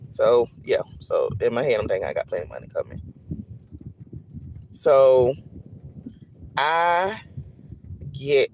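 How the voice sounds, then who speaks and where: A man content creator telling an animated, repetitive storytime straight to his viewers. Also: a little high. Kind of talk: storytime vlog.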